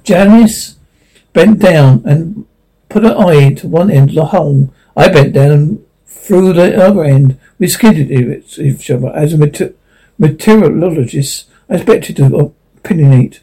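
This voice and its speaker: A man's voice: a little high, a little slow, mellow, breathy edge, rough recording. A man reading a science fiction story aloud, stumbling and correcting himself as he goes. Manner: unpolished reading with frequent stumbles and self-corrections. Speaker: narrator. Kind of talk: audiobook reading.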